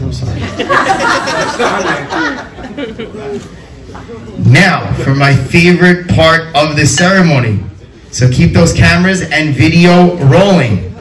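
A man officiating a wedding ceremony, upbeat and leading the couple through their vows, rising to a loud announcing voice at the end. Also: a little high, sing-song, slow pace, long pauses. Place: waterfront wedding venue. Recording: echoey, from far off.

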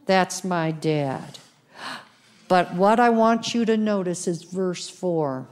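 A woman pastor preaching a sermon, laughing often and reading scripture slowly with emphasis. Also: on the low side.

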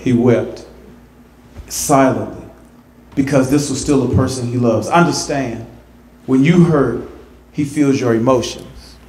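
A pastor preaching a sermon in a church, animated, repeating words and building to emphatic, rising peaks. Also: male voice, medium pitch, unhurried, pauses often, slight background noise. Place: church sanctuary. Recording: echoey church sanctuary.

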